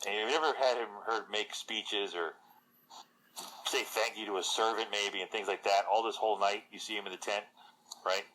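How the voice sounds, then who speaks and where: Unhurried male GM, hesitant narration, low-ish voice, light background hiss. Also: fairly even intonation, bright, forceful tone, poor audio. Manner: slow, hesitant, full of fillers. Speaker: game master. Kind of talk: narrating a tabletop game.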